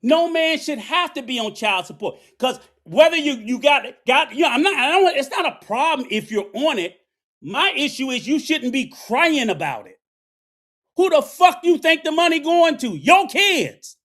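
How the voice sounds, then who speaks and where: A middle-aged man delivers a heated, profane commentary rant. His voice sits unusually high for a man, and he preaches and scolds throughout. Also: big pitch swings, moderate pace, fairly bright tone. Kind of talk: ranting commentary.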